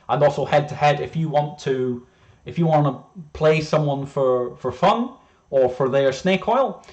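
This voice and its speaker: Male presenter, mid pitch, casual and rambling, quick to get excited, jokes at his own expense. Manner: rambling, self-interrupting, excitable, jokey. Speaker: game developer presenting his project. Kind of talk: casual screen-share presentation.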